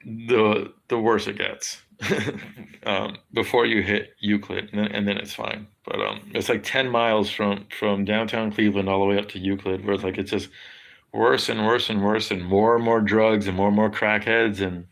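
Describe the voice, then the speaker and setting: A man, rambling casually to his livestream audience, halting and restarting often and swearing a lot. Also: on the low side, level tone, gravelly, fairly bright tone. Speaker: livestream host. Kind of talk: rambling casual stream chat.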